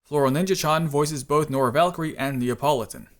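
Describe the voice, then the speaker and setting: A man's voice: on the high side, brisk. A man hosting a casual video commentary, chatty and self-deprecating, with frequent laughs and filler words. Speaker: channel host and voice actor.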